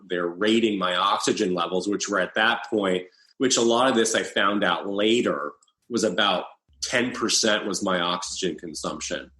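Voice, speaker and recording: A man in his thirties speaks as an interview guest, telling his own story in a halting, restarting way. His voice sits fairly low. The recording carries a noticeable roomy echo. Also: fairly bright tone. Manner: halting, with many restarts and fillers. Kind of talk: personal storytelling in conversation.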